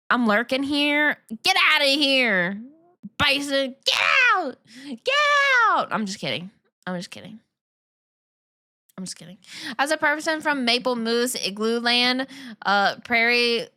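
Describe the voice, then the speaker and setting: A woman's voice: a little high, bright, forceful tone, clear, resonant tone. A woman streaming and chatting casually with her viewers, giggling often and teasing as she reads and answers the chat. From Long Island, New York.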